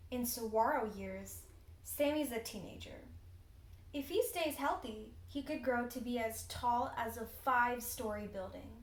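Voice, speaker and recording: A teenage girl narrating a children's picture book in an expressive, deliberate read-aloud style. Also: on the high side, echoey room, poor audio. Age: teens. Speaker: storybook reader.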